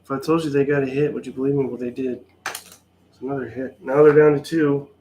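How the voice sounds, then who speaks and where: A man's voice: medium pitch, steady tone, fairly quick, background noise. A man giving a wry, sarcastic play-by-play of his own solo tabletop wargame, sounding mildly exasperated. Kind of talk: casual play-by-play of a tabletop game.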